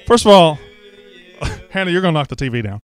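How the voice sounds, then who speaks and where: A man's voice: fairly high pitch, big pitch swings, brisk, faint music behind. A man hosting a casual show, joking and teasing the crew as he rambles along. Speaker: host. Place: studio office.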